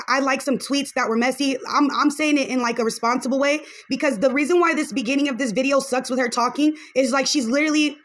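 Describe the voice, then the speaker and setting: Fast-talking high-voiced woman commentator. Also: fairly bright tone. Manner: chatty, frank, opinionated, drops in Spanish phrases. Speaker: podcast host reacting to a video. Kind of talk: casual reaction commentary.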